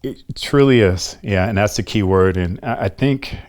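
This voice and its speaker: A man in his fifties, a guest telling a personal story in an interview in a soft-spoken, reflective and earnest way. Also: lowish voice, normal speed. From United States. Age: 50s.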